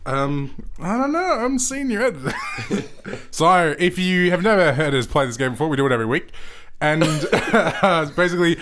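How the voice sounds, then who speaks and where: A man's voice: a little high, animated, moderate pace, fairly bright tone. A man with an Australian accent hosting a film podcast episode, upbeat and jokey with casual slang. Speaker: podcast host.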